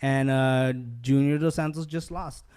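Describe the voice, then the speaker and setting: Young guy hosting a podcast, swears a lot, tells stories all animated, mid pitch. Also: unhurried, smooth. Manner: animated, swears freely, acts out others' lines. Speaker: podcast host. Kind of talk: casual storytelling chat.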